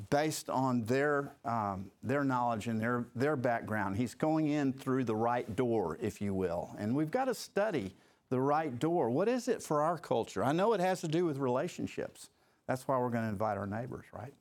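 A man's voice: medium pitch, animated, measured pace. A man leading a Bible study group, talking conversationally with many fillers and restarts.

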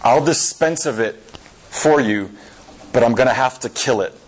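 A man voicing a stern male angel who slowly and insistently presses his question. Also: medium pitch, slightly rough, close to an everyday voice, low-quality recording.

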